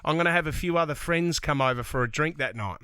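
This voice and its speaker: A man's voice: a little high, quick pace, pushed and bright, clear, resonant tone, dry recording. A man hosting a radio show, interviewing a guest with upbeat enthusiasm. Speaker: radio host.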